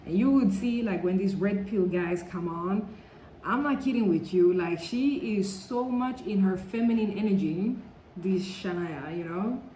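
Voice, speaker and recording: An unhurried, mellow woman with a mid-range voice talks casually to camera in a rambling storytime vlog. She leans on "like" and "you know," and the room echoes with faint background noise.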